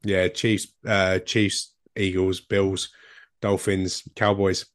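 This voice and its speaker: A man's voice: low voice, flat delivery, slow, dry recording, clean studio sound. A man with a Cockney accent co-hosting a sports podcast, chatty and enthusiastic. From England. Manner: chatty, enthusiastic, repeats himself when thinking. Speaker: podcast co-host. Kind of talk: casual sports chat.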